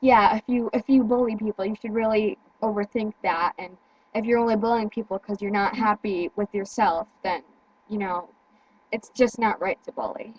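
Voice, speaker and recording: A teenage girl in casual chat, speaking earnestly with halting restarts and repeated words. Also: medium pitch, fairly even intonation, slightly rough, muffled recording. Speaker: teen vlogger.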